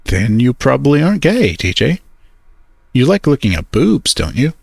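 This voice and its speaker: A man's voice: mid-range voice, big pitch swings, moderate pace, vocal fry, darkish tone, husky, no echo, clean studio sound, full character voice. A man voicing a teasing, blunt young male friend on a phone call.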